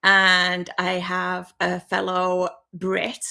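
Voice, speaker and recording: A woman in her fifties from Birmingham with a softened West Midlands accent, chatting nervously and laughing often as she hosts her own livestream on a laptop microphone. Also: on the low side, monotone, very slow, creaky. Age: 50s. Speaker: YouTuber hosting her first livestream. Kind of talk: casual livestream chat to viewers. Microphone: built-in laptop microphone.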